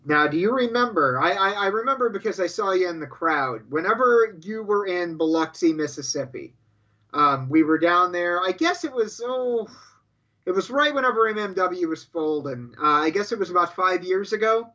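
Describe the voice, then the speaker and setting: A man's voice: high voice, lively intonation, normal speed, sharp tone, muffled recording. A man co-hosting a podcast in casual banter, stammering and repeating words as he spins jokey tall tales. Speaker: podcast co-host. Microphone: headphones and studio mic.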